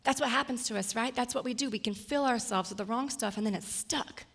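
Woman preacher in her thirties, storytelling sermon, slightly raspy edge. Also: on the high side, fairly quick, a bit bright. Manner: personal, storytelling, gets emotional and tearful at times. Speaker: guest speaker.

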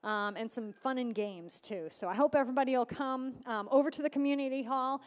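A woman's voice: high voice, fairly quick. A woman pastor giving church announcements in a chatty, informal way, with many fillers. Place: church hall. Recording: long reverb of a church hall.

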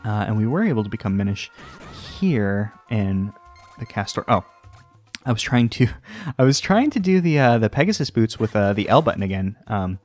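A man hosting a let's play, rambling and joking at himself, often jumping into a high sing-song voice. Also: sing-song, moderate pace, no room sound, soft background music. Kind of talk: casual gameplay commentary. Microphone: desk microphone.

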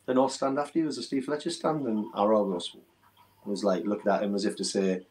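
A middle-aged man talks through old memories in a relaxed interview. His voice sits low, and his stories come out earnest, emotional and a little rambling. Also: a little fast, poor audio. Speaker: former footballer, interview guest. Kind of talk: casual reminiscing interview.

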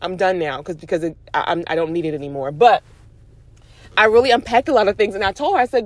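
A young woman and mom vlogger, driving while she gives an animated, chatty motivational talk. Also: medium pitch, fast talker, no room sound. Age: young adult. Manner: animated, chatty, preachy encouragement. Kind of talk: casual motivational talk to camera. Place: in a car, driving.

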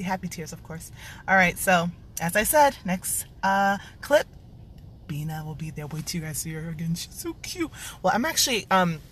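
A woman's voice: mid-range voice, slight background noise. A young woman vlogging in a bubbly, gushing, chatty way. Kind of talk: casual vlog narration.

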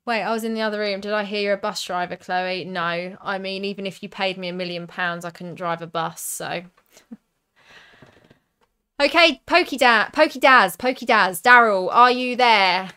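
A woman's voice: medium pitch, moderate pace, bright, forceful tone, clear, resonant tone. A young woman with a southern English accent, chatting on a live stream as she opens card packs and reads out viewer comments. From southern England.

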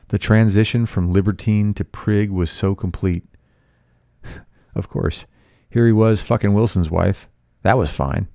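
A man's voice: low-pitched, vocal fry, warm tone, no echo, clean studio sound. A man reading a novel aloud as a teacher, breaking off for blunt, sarcastic, profane commentary.

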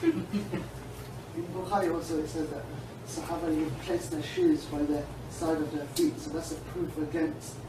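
A man with a slightly high, monotone voice adds a point during a class. He is heard from a distance in a reverberant room, with clear background hiss. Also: normal speed. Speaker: student. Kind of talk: classroom comment.

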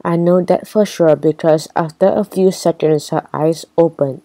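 A woman's voice: deep voice, normal speed, warm tone, no room sound, poor audio. A woman reading a children's book aloud, storytelling with light character voices. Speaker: reader.

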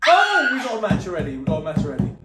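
A man chatting casually on his vlog, his pitch bouncing all over as he gets excitable. He swears and laughs easily. The room around him is echoey. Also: racing. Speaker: vlogger. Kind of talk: casual chat.

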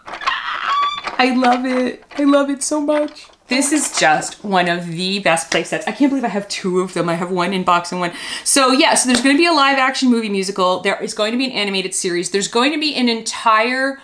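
A woman chatting casually as a doll-collecting vlogger, gushing and excitable as she handles her toys. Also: medium pitch, a little fast, few pauses, a little hiss or hum.

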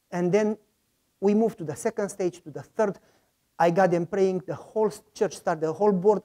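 Male pastor, storytelling sermon, lively delivery, loose grammar. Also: sits high. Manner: lively storyteller who acts out the people in his stories; loose, slightly broken grammar.

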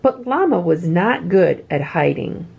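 A woman reading a children's picture book aloud with expressive, swooping delivery. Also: on the low side, a little slow, creaky, husky, highs cut off. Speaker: children's story reader.

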